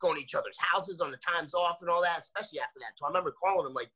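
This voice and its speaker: Host type: rambling male interviewer, husky and brisk. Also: fairly high pitch, sharp tone. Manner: rambling, heavy use of filler phrases. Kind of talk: casual conversation.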